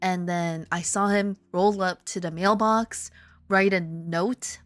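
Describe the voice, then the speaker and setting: A woman chatting casually with her viewers, telling stories with swearing, laughter and sudden high excited outbursts. She lives in Korea. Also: slow pace, dry recording. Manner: animated storytelling, swearing, laughing, jumps to high excited exclamations. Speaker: streamer. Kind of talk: casual chat reading viewer comments.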